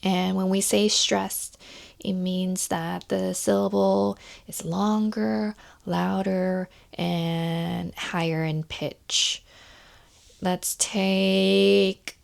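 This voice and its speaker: A young adult woman teaches pronunciation in an unhurried, methodical way, going through sounds and example words one at a time. Her voice sits a little low and has a gravelly edge, and she speaks very slowly. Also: level tone, no room sound. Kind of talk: instructional explanation.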